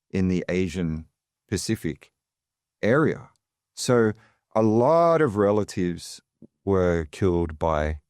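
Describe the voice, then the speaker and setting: A man's voice: deep voice, a little mellow, no room sound, clean studio sound. A man with an Australian accent telling his life story as an interview guest, chatty and digressive with lots of fillers. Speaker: guest, financial advisor.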